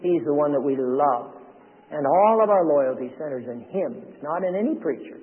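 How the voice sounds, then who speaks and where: A man's voice: fairly high pitch, expressive, normal speed. A man preaching a sermon with emphasis, repeating his points and asking rhetorical questions. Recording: tinny radio broadcast with long reverb.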